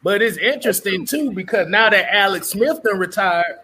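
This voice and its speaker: A man co-hosting a casual sports talk show, animated and quick to laugh. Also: high-pitched, slightly rough. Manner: animated, laughs often, repeats "hold on". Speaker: co-host.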